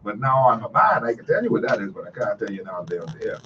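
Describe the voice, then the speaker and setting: A man's voice: fairly low pitch, sing-song, fast, few pauses, recorded from a distance, lo-fi sound, background noise. A middle-aged man, hosting a casual call-in radio talk show with a folksy, repetitive, storytelling manner.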